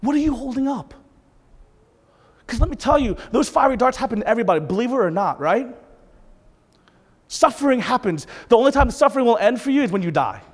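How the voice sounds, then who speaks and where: High-voiced preaching man in a reverberant hall. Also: very animated, a little fast, long pauses. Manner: impassioned, rising and falling between intense peaks and soft asides. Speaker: pastor. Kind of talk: sermon. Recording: long reverb of a large hall.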